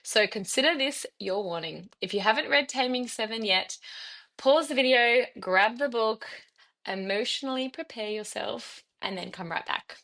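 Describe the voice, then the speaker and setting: A woman's voice: fairly high pitch, normal speed, bright, forceful tone. A woman co-hosting a book vlog, reading an upbeat, emphatic intro.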